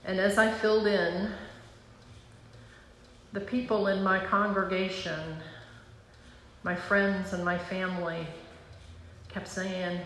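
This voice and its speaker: A woman's voice: medium pitch, steady tone, fairly bright tone, a little hiss or hum. Earnest woman preaching in an echoing church. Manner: earnest, emotional, pausing. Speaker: pastor. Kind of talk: personal testimony sermon. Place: church sanctuary. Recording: roomy church hall sound.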